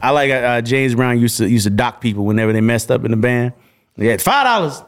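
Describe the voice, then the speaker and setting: A male guest telling anecdotes in a casual, animated way. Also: medium pitch, brisk. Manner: animated, acts out voices. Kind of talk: casual storytelling.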